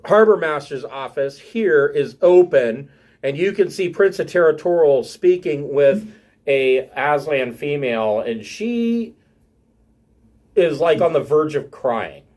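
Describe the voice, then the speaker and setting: A man narrating a tabletop game as game master, halting and filling gaps with ums and uhs. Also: fairly high pitch, lively intonation, a little mellow.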